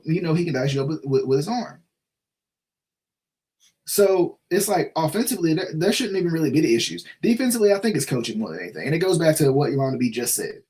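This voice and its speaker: A man with a slightly high voice hosts a casual sports live stream. He vents his frustration, circles back to the same points and keeps asking "right?" as he talks straight to his viewers. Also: a little mellow. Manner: frustrated, repetitive, full of restarts and "right?". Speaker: sports show host.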